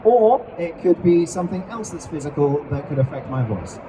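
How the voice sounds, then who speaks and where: Casting: a fairly high-voiced man, chatty convention-stage presenter, captured on a distant mic in a noisy venue. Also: animated, normal speed. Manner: chatty, playful, explaining with acted examples. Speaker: co-host teaching character creation. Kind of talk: live stage talk at a fan convention.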